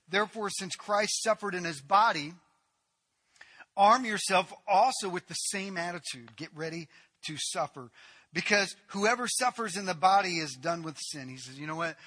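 A man preaching a sermon with passion, building to loud emphatic peaks with repeated lists, then dropping quiet. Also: high voice. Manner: impassioned preaching, swinging between loud emphatic build-ups and quiet drops; repetitive rhetorical lists. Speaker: pastor.

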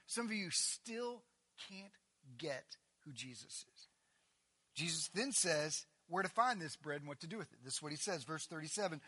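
A man preaching a sermon, animated and emphatic, swinging between loud declarations and hushed asides. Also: sits high, brisk, big-room sound.

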